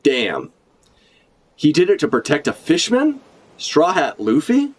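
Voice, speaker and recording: A man's voice: a little high, huge pitch swings, a little slow, breathy edge. A man giving live reaction commentary as a streamer, ranting and swearing in exasperation.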